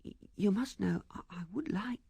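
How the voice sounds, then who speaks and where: A man reading a novel aloud and voicing an anxious, hesitant young woman in a breathy, halting near-whisper. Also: high voice, warm tone, no room sound, studio quality, voice pushed up, exaggerated voice. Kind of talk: audiobook character voice.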